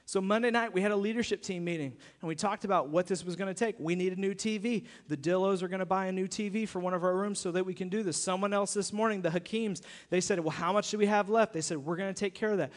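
Brief: emphatic male pastor mid-sermon, high-pitched voice, long reverberant hall. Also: fast, few pauses. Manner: emphatic, repeats himself, acts out quoted voices. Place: church sanctuary.

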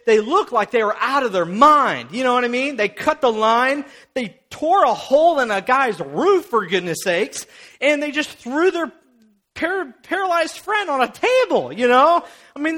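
A young man preaching a sermon, retelling a story in an animated, playful way and acting out the characters. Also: sits high. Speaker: pastor.

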